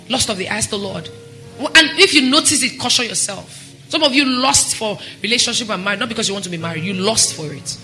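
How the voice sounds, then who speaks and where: A woman pastor preaches with real fervor, her voice climbing toward near-shouts. Her tone is strikingly bright and sharp. Music plays softly behind her. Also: medium pitch. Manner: impassioned, rising to near-shouts. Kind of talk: sermon.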